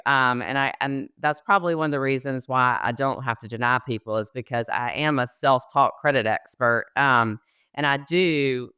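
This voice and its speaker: A woman's voice: extremely low pitch, bright, forceful tone, smooth, dry recording, studio quality. A middle-aged woman, a mortgage loan officer, explaining credit scores in a casual podcast interview with frequent fillers.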